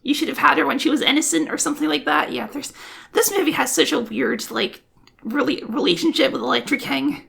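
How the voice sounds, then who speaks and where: Wry woman co-host for casual film chat; bright, tense tone with heavy fry. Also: high voice, a little fast. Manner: wry, teasing. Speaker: podcast co-host.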